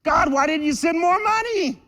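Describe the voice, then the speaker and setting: A pastor voicing a whiny churchgoer who complains to God. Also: male voice, extremely high pitch, lively intonation, moderate pace, sharp tone, long reverb tail, voice pushed up, full character voice. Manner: pleading, complaining.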